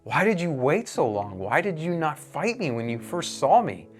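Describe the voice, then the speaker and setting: A man's voice: fairly high pitch, sing-song, moderate pace, soft background music, pitched above the performer's own voice. A man voicing a vain, frustrated and lonely young man who pleads and questions. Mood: pleading.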